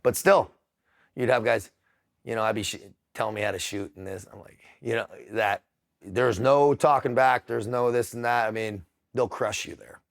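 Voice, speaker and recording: Middle-aged guy, low gravelly voice, swearing a lot, stops and restarts mid-sentence, casual interview talk. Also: steady tone. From United States. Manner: profane, blunt, halting restarts. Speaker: interview guest. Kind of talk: casual storytelling.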